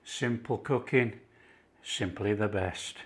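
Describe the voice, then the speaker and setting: Middle-aged Yorkshire man, cooking channel host, slow relaxed delivery, keen and full of praise. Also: lowish voice. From Yorkshire, England. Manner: enthusiastic, unhurried, calls things superb. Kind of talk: casual cooking video.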